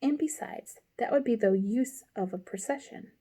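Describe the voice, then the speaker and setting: A woman's voice: a little high, moderate pace, warm tone, slightly rough. A woman voicing a polite but bold young girl in a storybook reading.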